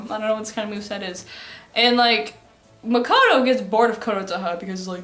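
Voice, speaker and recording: A woman's voice: mid-range voice, fast, a bit bright, soft background music. A young woman casually recapping an anime in a rambling, sarcastic, crude way. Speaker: vlogger. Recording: roomy echo.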